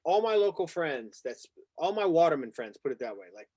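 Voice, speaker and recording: Excitable male host telling a story. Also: on the high side, fairly quick, breathy edge. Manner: excitable, vivid retelling with acted-out quotes. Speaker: podcast host. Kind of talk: animated storytelling in casual conversation.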